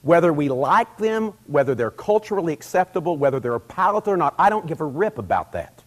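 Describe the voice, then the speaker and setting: A middle-aged man preaching a sermon in a conversational way, rising to loud emphatic peaks and acting out quoted dialogue. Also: a little high, big pitch swings, a little fast.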